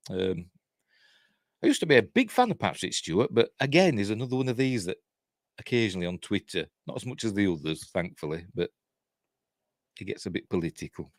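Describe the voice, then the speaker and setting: A man's voice: lowish voice, sing-song, a little fast, long pauses, no room sound, studio quality. A man with a Yorkshire accent hosting a live news stream, reading headlines and wandering off into chatty, self-deprecating asides with mild swearing. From Yorkshire, England. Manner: rambling and chatty, reads headlines then goes off on asides; self-deprecating, swears mildly, laughs at his own jokes.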